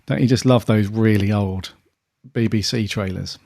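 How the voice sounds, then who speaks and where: Relaxed man in his forties. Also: on the low side, normal speed, gravelly. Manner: relaxed, with many fillers. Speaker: podcast co-host. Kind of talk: casual chat.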